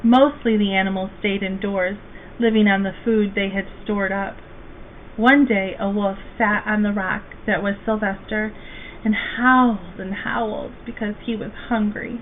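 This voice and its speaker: A woman reading a children's storybook aloud as a guest reader, slow, gentle and expressive. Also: medium pitch. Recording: tinny phone-like, faint hiss.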